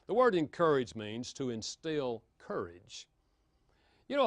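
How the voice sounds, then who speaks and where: A man giving a lively, humorous marriage seminar talk, joking with his audience. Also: mid-range voice, dry recording. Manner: animated, playful, jokes with the audience.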